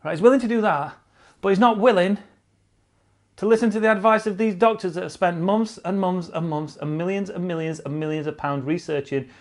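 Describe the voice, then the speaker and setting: A man hosts casual cycling news in a blunt, sarcastic way. His voice sits fairly high, and he swears freely and repeats lines for emphasis. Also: fairly quick. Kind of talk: casual online news commentary.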